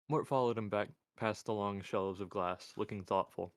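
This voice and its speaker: A man narrating a story in a measured, even way, his voice on the low side. The sound is dry and close, with no room echo. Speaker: reader. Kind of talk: audiobook narration.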